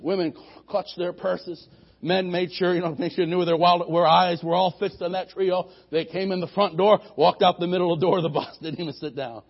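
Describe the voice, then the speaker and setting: A man with a high voice preaches to his congregation, climbing into loud, emphatic bursts before falling back to soft, conversational asides. The recording is dull and muffled, like old lo-fi church audio. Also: fairly even intonation, a little fast, gravelly, slightly rough. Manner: preaching with sudden loud rising peaks and quiet asides. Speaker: pastor. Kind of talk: sermon.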